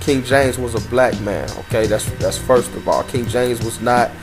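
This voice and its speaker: A man's voice: mid-range voice, moderate pace. A man reading a document aloud and commenting emphatically, with rhetorical questions. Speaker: commentary host. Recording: over loud background music.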